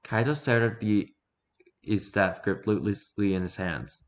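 A man narrating a story in a measured, low voice and performing the characters himself.

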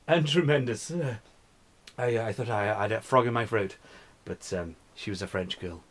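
A man's voice: lowish voice, measured pace. Rambling, cursing man ranting on a vlog. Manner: profane, rambling, slurring and mumbling. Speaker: vlogger. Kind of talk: drunken rambling vlog rant.

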